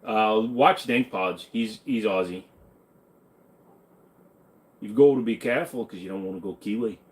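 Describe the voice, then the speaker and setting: Casual, cursing livestream host. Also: male voice, fairly low pitch, unhurried. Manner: loose, rambling, swears freely. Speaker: livestream host answering chat questions.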